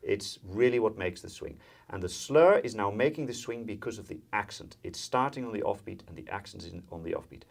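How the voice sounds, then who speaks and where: A Dutch violin teacher with a lowish, gravelly voice runs through a jazz violin lesson a little fast and animated, with few pauses. His step-by-step explanations are full of fillers and counting in, over background violin and guitar.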